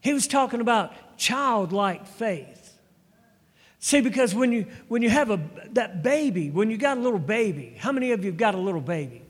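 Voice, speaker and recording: A man's voice: high-pitched, expressive, normal speed. A middle-aged male preacher telling a personal testimony in a sermon, with frequent restarts and stumbles. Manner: storytelling testimony with repeated restarts. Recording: long hall reverb.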